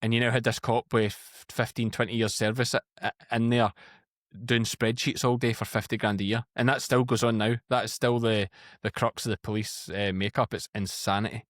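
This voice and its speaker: A Scottish man in his thirties, a podcast guest telling lively anecdotes in casual chat. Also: lowish voice, fairly quick, no room sound, clean studio sound. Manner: chatty, animated anecdotes. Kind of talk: casual storytelling.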